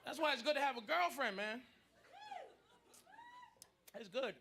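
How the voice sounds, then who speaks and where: A man's voice: very high voice, unhurried, creaky. A man in his thirties doing crude, rambling stand-up comedy in a noisy live room. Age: 30s.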